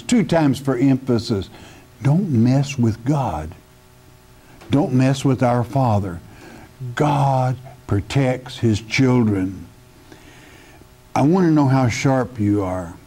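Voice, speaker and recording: A man's voice: medium pitch, dark tone. A man teaching the Bible verse by verse in a sermon, speaking emphatically and addressing the listener directly as a friend. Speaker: pastor.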